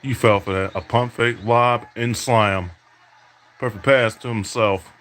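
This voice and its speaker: A man's voice: mid-range voice, steady tone, a little slow, fairly bright tone. Trash-talking man calling his own game. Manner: mock announcer calls mixed with taunts. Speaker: podcast host playing a basketball video game. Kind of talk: trash-talking play-by-play over gameplay.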